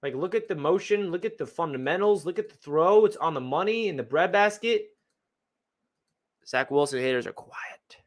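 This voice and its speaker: A young fan analyst gets excited going through game film, his speech packed with slang and exclamations. His voice sits a little high.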